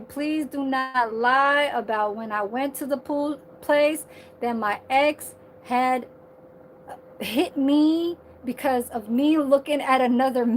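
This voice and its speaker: A woman talking straight to her phone camera in a casual, animated rant, swearing a lot and filling her talk with "like" and "you know". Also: high-pitched, a little hiss or hum. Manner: animated, heavy profanity, lots of filler. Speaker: vlogger.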